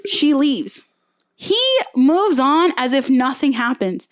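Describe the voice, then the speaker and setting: Young woman, podcast co-host, slightly high voice, lively gossiping storyteller. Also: slow pace. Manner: animated storyteller, acts out quotes, frequent "like". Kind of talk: casual chat, retelling a reality show.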